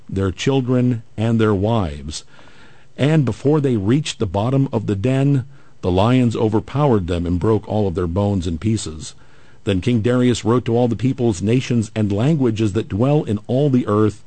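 Mellow-voiced male host reading scripture. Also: on the low side, no echo. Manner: measured reading with playful asides. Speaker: radio show host.

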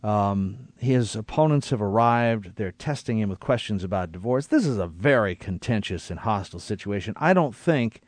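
A man's voice: on the low side, animated, normal speed, hardly any pauses, dry recording. A man reading scripture aloud and reflecting on it in a conversational Bible study. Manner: reads scripture aloud, then reflects thoughtfully.

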